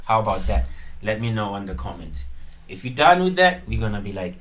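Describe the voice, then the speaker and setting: A man's voice: fairly low pitch, fairly even intonation, a little fast, a little hiss or hum, poor audio. A man hosting a casual studio chat, teasing and laughing as he talks. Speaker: show host.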